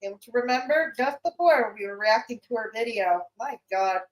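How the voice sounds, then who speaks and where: Woman streamer, slightly high voice, mocking and blunt, profane live reaction chat. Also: lively intonation, normal speed, low-quality recording. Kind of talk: livestream reaction commentary.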